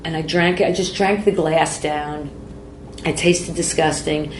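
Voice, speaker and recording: A woman in her forties with a lowish voice tells her story bluntly, swearing freely and breaking off mid-sentence. The room is roomy and echoey, with a faint hum of ambience behind her. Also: fairly even intonation, unhurried. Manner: raw, profane, self-interrupting. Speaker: guest. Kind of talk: candid personal storytelling.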